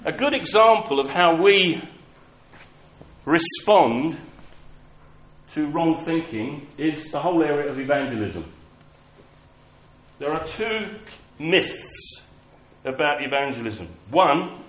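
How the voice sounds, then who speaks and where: A man preaches in a church hall, his voice a touch high and swinging widely as he talks. He tells stories in a chatty, self-mocking way. The room is echoey, with faint ambience behind him. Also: expressive, takes it slowly, pauses often, fairly bright tone. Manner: conversational storytelling, self-mocking humor. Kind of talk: sermon.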